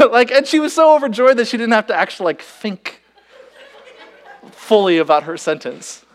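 A young man preaching a sermon, telling stories and acting out conversations with lively, playful delivery. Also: sits high, moderate pace. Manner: animated storytelling, quotes himself and others. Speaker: pastor. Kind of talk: sermon with acted-out illustration.

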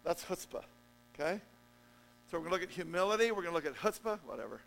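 A man preaching a sermon as pastor, joking with the congregation and swinging between loud emphatic peaks and low, quiet stretches. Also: expressive, fast talker, gravelly, a little hiss or hum, rough recording. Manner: jokey, conversational asides to the congregation.

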